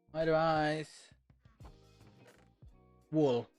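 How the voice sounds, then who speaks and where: A man's voice: on the high side, fairly even intonation, slow, pauses often. Chatty man streaming a game. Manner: chatty, thinks aloud and answers viewer chat. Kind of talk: relaxed live-stream gaming chat. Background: faint lo-fi music.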